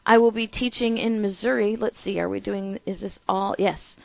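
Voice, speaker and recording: A woman with a Midwestern American accent hosting a political talk show, speaking in an energetic, emphatic and chatty way. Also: mid-range voice, normal speed, gravelly, no echo, lo-fi sound.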